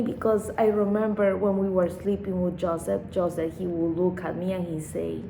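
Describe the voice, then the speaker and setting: A woman vlogger tells a story to camera in a loose, rambling and emotional way, swearing often. Her voice sits fairly low. She is recorded in an echoey room with a faint hiss behind her. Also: level tone, moderate pace, creaky, hardly any pauses, warm tone. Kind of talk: casual storytime monologue.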